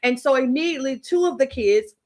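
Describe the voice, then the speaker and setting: Her voice sits high, a little mellow, and moves briskly and with animation. Acting as a writing coach, this woman delivers a faith-based pep talk, hammering home repeated lines in a preacherly, storytelling style.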